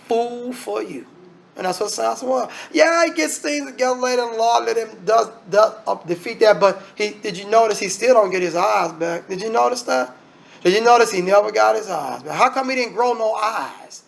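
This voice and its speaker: A man preaching a lively sermon, firing off rhetorical questions and acting out voices. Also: high-pitched, a little fast, vocal fry.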